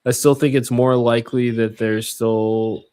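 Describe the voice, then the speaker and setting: A man co-hosting a wrestling podcast, easygoing and agreeable, answering with steady short replies. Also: mid-range voice, a little slow, clean tone. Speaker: podcast co-host. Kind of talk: casual chat.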